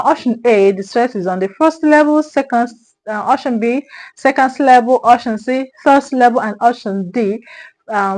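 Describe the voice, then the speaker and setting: A woman's voice: mid-range voice, darkish tone, rough recording. Woman tutoring exam English. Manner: repeats key words and checks in with "okay?". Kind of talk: exam prep lesson.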